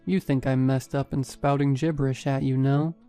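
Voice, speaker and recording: Guy doing a ragged old french junkie, french accent, blunt hushed voice, flat delivery. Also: mid-range voice, moderate pace, clear, resonant tone, faint music behind, natural voice. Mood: blunt, ominous. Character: ragged gray-haired French junkie man, surly. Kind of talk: scripted narration.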